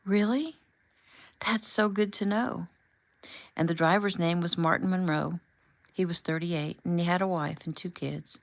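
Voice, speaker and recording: A woman reading the lines of a tender, reassuring husband in a gentle, soothing way. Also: on the low side, fairly even intonation, measured pace, dry recording.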